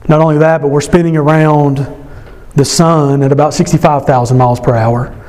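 A man preaching a sermon as pastor at a church service, impassioned, his voice climbing high when he stresses a point. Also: fairly even intonation, moderate pace, a little mellow, slight background noise.

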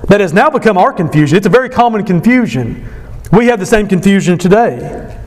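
A man's voice: sits high, lively intonation, a little fast, long reverb tail. A man preaching a sermon as pastor, emphatic, repeating key phrases and leading the congregation in call-and-response.

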